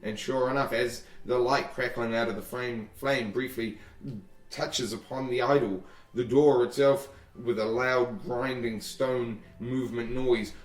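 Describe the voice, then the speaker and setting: Man, game master, tabletop narration, halting restarts, roomy echo. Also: medium pitch, fairly even intonation. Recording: roomy, distant mic.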